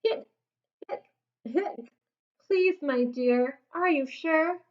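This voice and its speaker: A woman's voice: sits high, very slow, dull audio. A woman voicing a fussy father bear who hiccups through his rhyming lines, for a storybook read-aloud. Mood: fretful. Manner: hiccups in sing-song rhyme.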